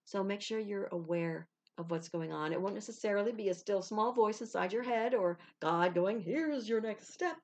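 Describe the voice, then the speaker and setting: A woman's voice: mid-range voice, normal speed, few pauses, a little mellow. A woman, a spiritual guide, talking casually to camera with chatty advice and little acted-out exchanges. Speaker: intuitive spiritual guide, video host.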